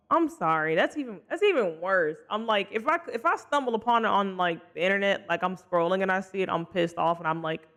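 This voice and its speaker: A game streamer casually chatting with live viewers while playing, expressive and apologetic, swinging between loud exclamations and soft mutters. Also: mid-range voice, a little fast, hardly any pauses. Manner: chatty and sympathetic, reacting to chat with frequent apologies.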